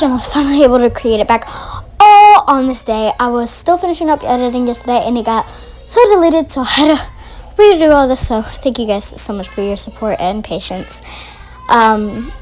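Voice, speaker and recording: Woman, high voice, casual storytime vlog, rambling and chatty. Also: a little mellow, poor audio. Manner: rambling, chatty, with many restarts and fillers. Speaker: vlogger.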